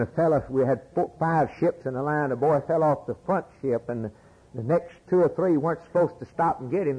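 An older American man preaching a sermon, now calm and low, then rising to loud, high exclamations. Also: breathy edge, poor audio. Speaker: pastor.

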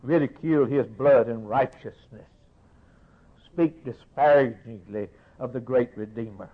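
A man preaching a sermon, rising to loud rhetorical questions and dropping low again. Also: unhurried. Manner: declamatory, swelling to raised rhetorical questions then dropping low. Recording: tinny phone-like sermon recording.

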